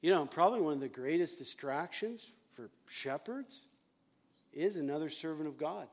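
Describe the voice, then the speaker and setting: A man's voice: fairly high pitch, expressive, normal speed. A male pastor giving a sermon in an emphatic, repetitive way, often chuckling.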